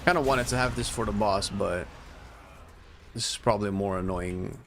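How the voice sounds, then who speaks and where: A man giving casual commentary while playing a game, animated and swearing as he plays. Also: fairly low pitch, normal speed, slight background noise. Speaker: gaming streamer.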